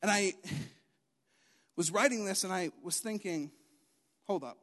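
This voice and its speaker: Young male preacher, high voice, emphatic and repetitive delivery, hall reverb. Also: unhurried. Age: young adult. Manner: animated, emphatic, repeats key lines. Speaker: youth preacher. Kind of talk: sermon.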